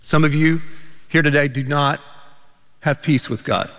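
High-voiced animated preacher in a big hall. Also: male voice, measured pace. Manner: animated storytelling, rising to emphatic peaks. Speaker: pastor. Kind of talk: sermon. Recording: reverberant church hall.

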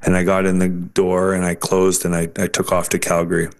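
A man telling his personal testimony as an interview guest, earnest and halting, often restarting his sentences. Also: low voice, monotone.

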